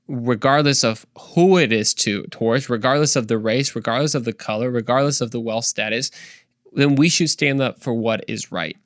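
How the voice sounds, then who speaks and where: A young man hosts a faith podcast with lively energy. He preaches with conviction and cracks jokes along the way. His voice sits at a middle pitch and sounds dry and close. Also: dry recording. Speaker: podcast host. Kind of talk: casual faith talk podcast.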